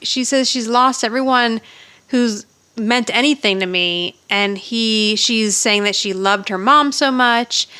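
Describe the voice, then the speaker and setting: A woman's voice: fairly high pitch, a little slow, sharp tone, clean tone. Chatty woman recapping a TV episode. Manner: retells scenes in detail, laughs often. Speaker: podcast co-host. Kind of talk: casual episode recap chat.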